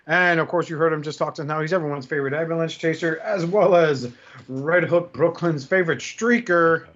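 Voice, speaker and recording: A man's voice: fairly high pitch, fairly quick, fairly bright tone, dull audio. A man hosting a podcast, introducing his co-hosts with playful, joking banter. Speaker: podcast host. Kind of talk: casual podcast chat.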